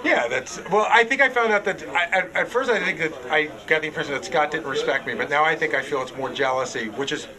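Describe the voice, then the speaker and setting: A man rattles through his points at speed, his voice sitting a little high. He rambles and restarts as he banters in a radio studio. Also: a crowd in the background. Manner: fast, rambling, restarts often. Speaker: radio show producer.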